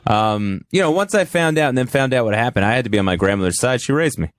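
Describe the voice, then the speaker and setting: A man's voice: mid-range voice, animated, quick pace, no echo, clean studio sound. A young man, co-hosting a podcast and chatting casually, agreeing and laughing often. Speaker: podcast co-host. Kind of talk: casual chat.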